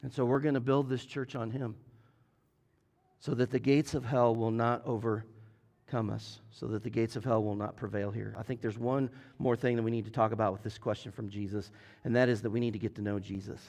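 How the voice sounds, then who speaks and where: A man's voice: medium pitch, fairly even intonation, fairly quick, darkish tone. A male lead pastor preaching a sermon in a church, speaking earnestly and appealing directly to the congregation. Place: church sanctuary.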